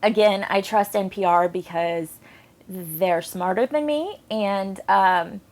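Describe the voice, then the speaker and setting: A young woman chats to the camera in a loose, self-deprecating way. Her voice sits at an ordinary middle pitch, and her talk is full of filler ums. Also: takes it slowly, a little mellow. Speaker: book vlogger. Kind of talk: casual vlog monologue.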